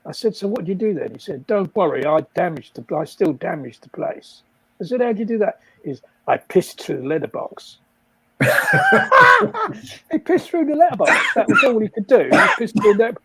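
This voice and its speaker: Husky older man telling tales. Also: high voice, sing-song, brisk, dry recording, low-quality recording. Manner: rambling, laughs often at own stories. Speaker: guest storyteller. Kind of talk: casual anecdote telling.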